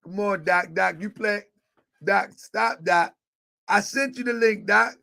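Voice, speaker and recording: A man hosting a live online show, chatting casually, with a repetitive, excitable, joking manner. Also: high-pitched, unhurried, vocal fry. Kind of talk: casual livestream chat.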